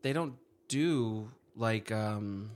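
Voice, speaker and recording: A man's voice: lowish voice, drawn-out words. Give me a young man co-hosting a podcast, talking loosely with lots of filler words. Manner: rambling, filler-heavy, laughs often. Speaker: podcast co-host. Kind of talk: casual chat.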